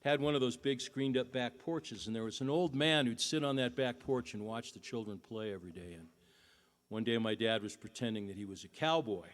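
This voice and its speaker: A middle-aged man, a singer-songwriter, telling a folksy family story between songs at a concert, chuckling now and then. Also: lowish voice.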